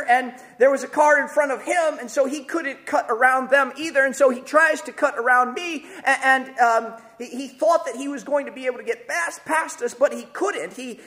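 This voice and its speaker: Animated high-voiced man preaching. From Chicago area. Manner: animated storytelling, acts out quotes with big pitch jumps; repeats words when starting sentences. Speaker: pastor. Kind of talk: sermon.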